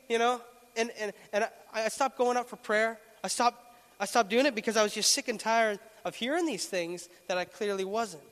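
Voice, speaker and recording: High-voiced man telling a story in a reverberant hall. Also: normal speed. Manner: animated storytelling, laughs often, acts out quotes. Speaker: speaker giving a testimony. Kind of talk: personal testimony talk. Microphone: handheld microphone.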